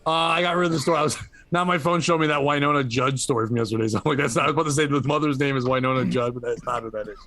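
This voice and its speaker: A man's voice: mid-range voice, steady tone, very fast, fairly bright tone, no room sound. A man co-hosting a podcast, chatting casually in a blunt, teasing way. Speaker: podcast co-host.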